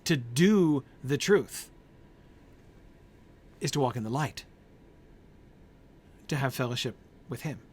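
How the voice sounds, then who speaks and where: A man's voice: mid-range voice, animated, takes it slowly, pauses often, darkish tone, slight background noise. A man leading an informal Bible study group. He thinks aloud with many fillers, keeps checking in with "right?", and answers group members by name.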